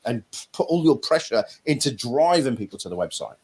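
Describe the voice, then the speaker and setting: Blunt, chatty English host. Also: male voice, mid-range voice, very animated, a little fast, darkish tone, husky. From Norfolk, England. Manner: blunt, chatty, mild swearing. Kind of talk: casual live-stream chat.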